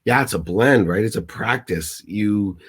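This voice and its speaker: A middle-aged man with a very low voice, talking as a guest mentor in an interview. He speaks emphatically and with feeling, stumbling into restarts. His voice is a little choked up. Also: a little slow, husky. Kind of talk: motivational interview talk.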